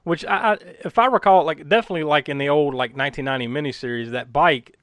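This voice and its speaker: A man's voice: a little high, quick pace, a bit bright, no echo. A man recapping a movie in casual chat, rambling with many fillers and frequent laughs. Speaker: podcast co-host recapping a film.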